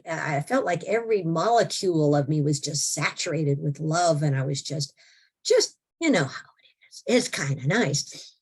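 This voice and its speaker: An older woman, an interview guest, telling a personal story in an animated, expressive way and acting out her own thoughts. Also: fairly low pitch, breathy edge.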